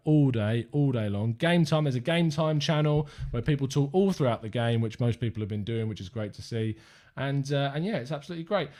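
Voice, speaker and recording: A man's voice: medium pitch, a little mellow. A young man with an English accent hosting a live fan-channel stream, chatting upbeat and rambling to viewers from his desk.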